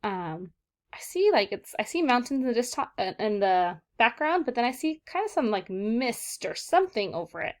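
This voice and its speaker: A woman's voice: fairly high pitch, very animated, moderate pace. Young woman, elementary teacher, online vocab lesson, encouraging, repeats words for kids. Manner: encouraging, repeats and checks in with "okay, guys?". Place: southern California.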